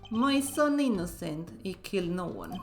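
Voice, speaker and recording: A woman doing a gruff old mob boss. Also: on the low side, sing-song, normal speed, faint music behind, voice pushed down. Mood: menacing. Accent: put-on Russian-sounding. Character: gruff older male mob boss, stern.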